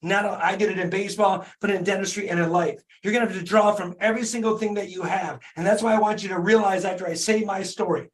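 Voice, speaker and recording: A hoarse man in his forties from Michigan, a podcast host giving a fervent, repetitive motivational talk in casual slang. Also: high-pitched, fairly even intonation, quick pace, few pauses. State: hoarse from laryngitis. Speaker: podcast host, dentist and business owner. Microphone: speaking to an online call audience.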